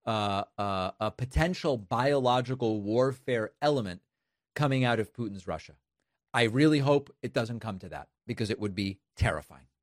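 A man's voice: mid-range voice, dry recording, studio quality. A man hosting political commentary, emphatic and incredulous, with a sarcastic edge. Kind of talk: casual spoken commentary.

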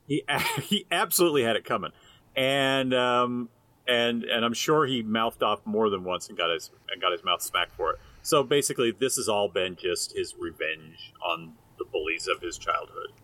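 A man's voice: lowish voice, normal speed, pushed and bright, no room sound, poor audio. A man co-hosting a casual podcast, making wry, mocking asides with laughter. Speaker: podcast co-host.

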